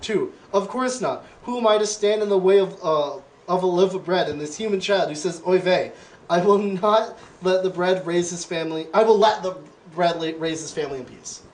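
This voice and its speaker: A man's voice: high voice, brisk. A man hosting a casual comedy podcast, playfully reading quiz questions aloud and quizzing his guests. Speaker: podcast host.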